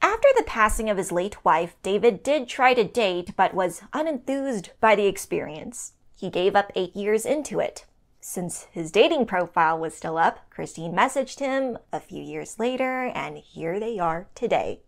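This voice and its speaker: Woman co-host, middle pitch, reads a recap with a wry edge. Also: lively intonation, normal speed. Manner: wry, laughs between lines. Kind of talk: reading a scripted recap.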